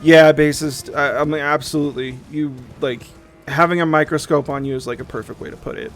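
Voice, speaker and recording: A young man chatting casually on a livestream, animated and profane, often mimicking other people in quick asides. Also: a little high, soft background music. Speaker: streamer.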